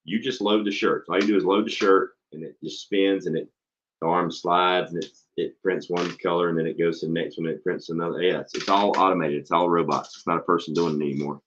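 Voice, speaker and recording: Deep-voiced blunt man, swearing freely. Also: fairly even intonation, fast talker, a bit bright. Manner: blunt, swears freely, tells stories animatedly. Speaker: podcast host and school teacher. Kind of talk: casual profane chat. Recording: dull lo-fi recording.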